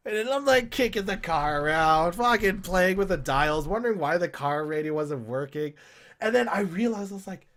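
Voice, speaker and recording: Chatting casually, this young man from Canada, a podcast co-host, rambles through a drunk story, swearing and animatedly voicing the lines that were said. His voice is high and his pace normal.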